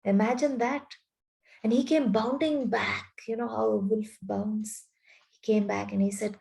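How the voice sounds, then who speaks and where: Slow, gravelly woman teacher. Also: medium pitch, fairly even intonation, darkish tone, rough recording. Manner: slow, explanatory. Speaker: English teacher. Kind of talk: reading and explaining a story.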